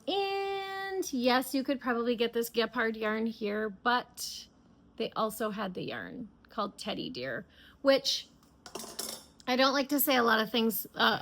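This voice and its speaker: A middle-aged woman from the United States chats enthusiastically as a knitting podcast host, stumbling through fillers and restarts. Her voice sits a little high and sounds bright and forward. She speaks with easy, casual energy. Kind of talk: casual chat.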